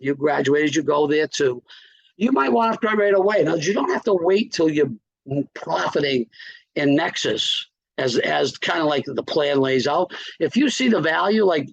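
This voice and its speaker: Male business trainer, upbeat and direct, fairly high voice with a gravelly edge, constantly checking in with listeners. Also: no echo, highs cut off. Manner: upbeat, keeps checking in with "okay?". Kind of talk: coaching presentation.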